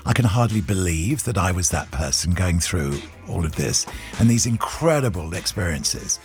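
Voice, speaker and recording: An older man, a radio guest telling lively stories and slipping into other people's voices. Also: sits low, normal speed, faint music behind. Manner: animated anecdote-telling, doing voices and laughing. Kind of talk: radio interview storytelling.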